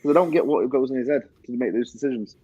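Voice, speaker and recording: A frank, opinionated man breaks down a football match on a panel show. His voice is dark and mellow. The audio is dry and dull, like a lo-fi call. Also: mid-range voice, quick pace, husky, no echo. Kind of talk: casual football discussion.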